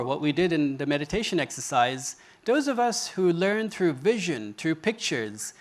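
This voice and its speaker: Earnest man giving a stage talk. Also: fairly high pitch. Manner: earnest storytelling with quoted dialogue. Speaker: speaker. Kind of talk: public talk. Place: stage before an audience.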